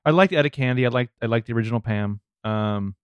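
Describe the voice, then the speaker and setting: A man's voice: mid-range voice, fast talker, clear, resonant tone, no echo. Joking man co-hosting a film chat. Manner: joking, wry asides. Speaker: podcast co-host. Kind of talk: casual movie review chat.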